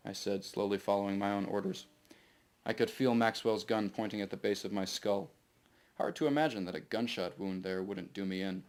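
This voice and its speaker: A man reading his own novel aloud to a live audience in steady first-person narration. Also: lowish voice, normal speed, smooth.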